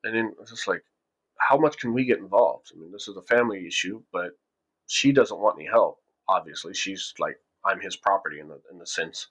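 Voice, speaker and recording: A man's voice: deep voice, a little fast, a bit bright. A man casually telling a story from his own past, rambling with frequent restarts and acting out what people said.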